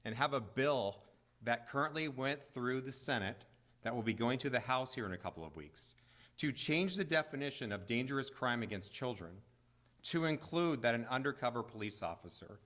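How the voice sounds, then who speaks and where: A man's voice: medium pitch, a bit bright. A man who is a county attorney, speaking firmly at a press conference and repeating his key points for emphasis.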